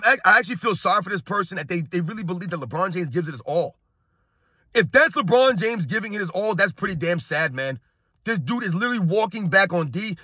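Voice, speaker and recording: A man's voice: sits high, pushed and bright, breathy edge, no room sound, studio quality. A middle-aged man hosting a sports commentary channel, ranting heatedly and emphatically, often tagging his lines with "man".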